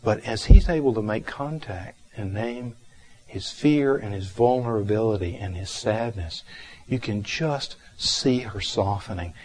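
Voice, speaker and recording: A man giving a reflective meditation talk, telling a counseling story gently and unhurriedly, with frequent pauses and fillers. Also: on the low side.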